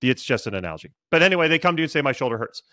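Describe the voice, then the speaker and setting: A man's voice: mid-range voice, very animated, very fast, pushed and bright, no room sound, clean studio sound. A middle-aged man, a sales coach, giving advice in a podcast interview and acting out buyers' lines with lots of energy.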